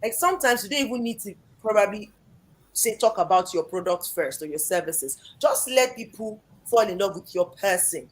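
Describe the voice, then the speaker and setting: Energetic Nigerian woman. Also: mid-range voice, moderate pace. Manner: energetic and emphatic. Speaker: guest speaker. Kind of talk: lively interview talk.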